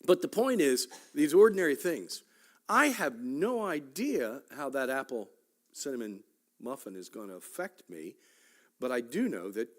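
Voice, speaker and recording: With a mid-range voice, a man teaches a church Sunday school class in a conversational way. He tosses in joking asides and keeps checking in with "right?" and "okay?"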